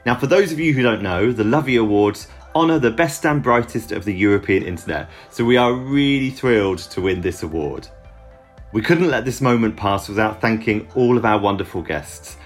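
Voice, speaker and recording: A man's voice: on the low side, expressive, normal speed, faint music behind. A man opening a podcast episode, reading a cheerful scripted introduction. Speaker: podcast host.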